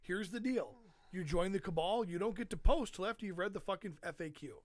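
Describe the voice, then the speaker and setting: A man's voice: high voice, fairly quick. A man co-hosting a casual podcast, ranting and swearing freely about an online forum. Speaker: podcast co-host. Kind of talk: casual chat.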